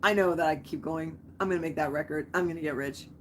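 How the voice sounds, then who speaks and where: A woman's voice: low voice, fast, a bit bright, a little hiss or hum. A woman playing a cocky, greedy ship captain. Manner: boastful, brushing off warnings.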